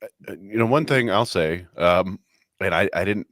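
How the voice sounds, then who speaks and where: A man co-hosting a sports podcast, telling a story in a measured, casual way with light chuckles. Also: low voice, a bit bright, no echo, clean studio sound. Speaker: podcast co-host.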